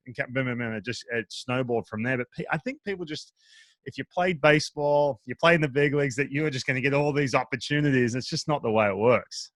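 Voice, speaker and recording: A man's voice: mid-range voice, fast, fairly bright tone, no room sound. A man hosting a casual interview, chatty and telling stories with quoted asides. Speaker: podcast host, former pitcher.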